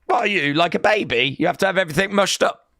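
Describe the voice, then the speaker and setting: A man hosting a live wrestling watch-along stream, reading out chat messages and reacting with excitable bursts of cheering. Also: high-pitched, quick pace, vocal fry, no room sound, studio quality.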